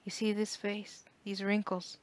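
A woman voicing a gentle, patient elderly widow who speaks kindly and softly in an audiobook. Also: medium pitch, monotone, a little slow, natural voice.

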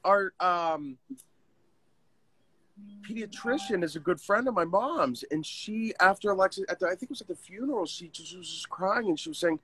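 A man, telling a painful personal story as an interview guest, in an earnest, halting way with many restarts. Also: high-pitched, animated, bright, forceful tone, husky. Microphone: video call.

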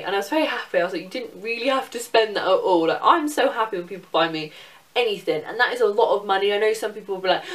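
A young Englishwoman in casual, sweary, excitable chat about her shopping haul. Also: medium pitch, far from the mic. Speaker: vlogger.

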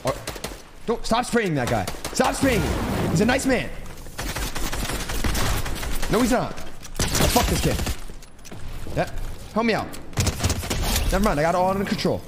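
Young man, gaming streamer, trash-talking commentary, lively voice jumping high and low, noisy stream audio with gunfire behind. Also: a little slow, pauses often. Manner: brash, taunting, swears constantly, swings between loud and low.

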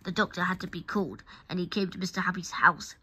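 A woman reading a children's picture book aloud, expressive and talking straight to the listener. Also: on the low side, quick pace, noisy background. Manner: expressive, addresses the listener directly. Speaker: storybook reader.

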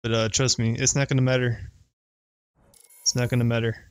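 A man streaming a shooter game, chatting casually with viewers and getting excitable as the match swings. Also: mid-range voice, a little fast, clean tone, dry recording. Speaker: gaming streamer. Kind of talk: gameplay commentary.

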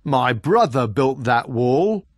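Guy doing a big booming frost giant, slow and pompous, lively swoops, dry room. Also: no echo. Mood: aggrieved. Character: huge menacing male frost giant, boastful and slow.

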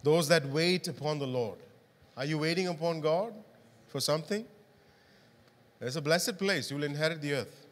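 A man delivers a sermon in a church, his voice sitting a little high for a man. He keeps turning to the congregation with questions. The sound rings with a long hall reverb. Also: normal speed, long pauses. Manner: interactive, asks the congregation questions. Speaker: pastor.

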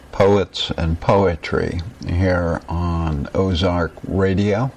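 A man hosting a radio show, giving a calm, measured scripted introduction. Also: deep voice, a little hiss or hum.

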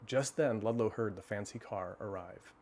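A man hosting a livestream, reading a children's storybook aloud and then chatting with viewers in a relaxed, halting way. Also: fairly low pitch. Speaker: storyteller host.

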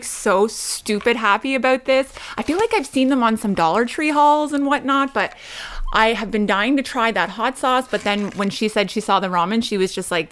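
A woman in her thirties from Canada, chatting through a home unboxing vlog, bubbly and quick to squeal and laugh. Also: mid-range voice, fairly bright tone. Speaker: vlogger. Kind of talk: unboxing vlog, casual chat.

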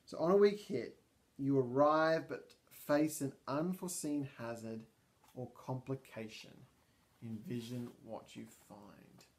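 A man's voice: medium pitch, measured pace. A man narrating a solo tabletop game, thinking aloud with many ums and restarts. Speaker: storyteller and player.

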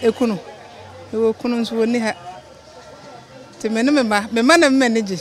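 A woman with a Ghanaian accent answering a street interview, cheerful and quick to laugh. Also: a little high, soft background music, a faint crowd.

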